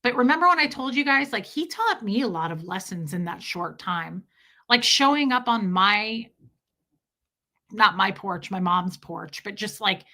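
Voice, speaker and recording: A woman's voice: medium pitch, lively intonation, measured pace, bright, forceful tone. A young woman hosting a livestream, reading viewer messages and telling a heartfelt story in a casual, emotional way with many fillers.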